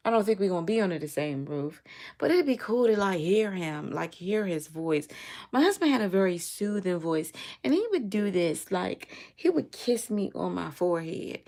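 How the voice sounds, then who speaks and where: A woman's voice: mid-range voice, vocal fry, a little mellow. A woman talking earnestly in a casual vlog, rambling with fillers and restarts and speaking in religious phrases. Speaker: vlogger. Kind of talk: casual heartfelt monologue.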